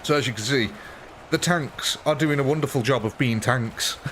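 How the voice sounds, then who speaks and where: A man's voice: mid-range voice, moderate pace, a bit bright, slight background noise. A man giving chatty, amused live commentary on a strategy game while thanking viewers and answering chat. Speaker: game streamer.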